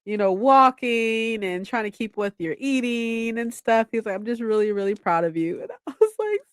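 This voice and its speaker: A woman's voice: fairly high pitch, normal speed, clean tone, no room sound, studio quality. A young woman vlogging from home in a casual, bubbly, chatty way. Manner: bubbly, chatty, squeals when excited. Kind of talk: casual chat.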